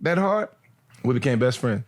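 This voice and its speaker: A man's voice: medium pitch, lively intonation, normal speed. A man in his thirties, a former football player, chatting easily as a guest. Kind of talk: casual chat.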